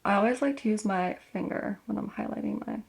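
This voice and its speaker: Young female beauty vlogger, casual tutorial chat, gravelly fry, mid-pitched. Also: fairly quick. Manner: chatty, rambling, self-correcting. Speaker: makeup vlogger.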